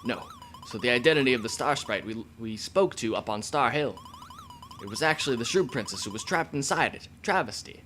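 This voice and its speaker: A man's voice: medium pitch, expressive, brisk, sharp tone, a little hiss or hum. A man hosting a video game playthrough, reading the characters' dialogue aloud in a plain, earnest way. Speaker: let's play host. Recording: game music playing behind.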